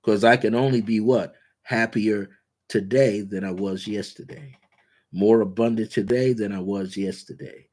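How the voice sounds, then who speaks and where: A man hosting a guided spiritual talk, speaking in repetitive, incantatory affirmations and slowing down on key words. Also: on the low side, fairly even intonation, darkish tone. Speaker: spiritual teacher and show host.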